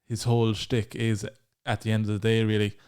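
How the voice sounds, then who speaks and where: A man's voice: on the low side, little pitch movement, fairly quick, darkish tone, smooth. An Irish man hosting a casual podcast interview, chatting eagerly about comedy. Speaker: podcast host.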